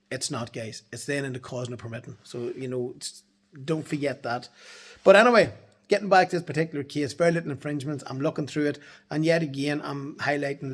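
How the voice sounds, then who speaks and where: A man giving a casual talk to camera from his office in the evening. He speaks bluntly and emphatically as a transport compliance consultant, swearing freely. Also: a little high.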